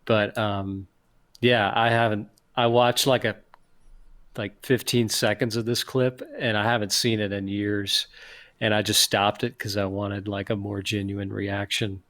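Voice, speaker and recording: A man with a somewhat low voice hosts a casual podcast. He talks loosely and rambles, with lots of "like" and "you know" along the way. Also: a little slow. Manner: relaxed, rambling, many fillers. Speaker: podcast host.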